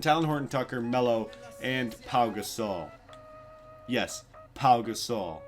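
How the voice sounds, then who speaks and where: This young man, a gaming YouTuber with a mid-range voice, narrates a basketball video game excitedly. He hypes the big plays, occasionally yells, and drops casual swear words.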